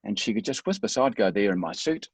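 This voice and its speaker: A man's voice: fairly low pitch, lively intonation, fast talker, slightly rough, dry recording. A middle-aged man speaking as a guest, telling his life story in an earnest, reflective, self-deprecating way. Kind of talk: personal storytelling in a talk.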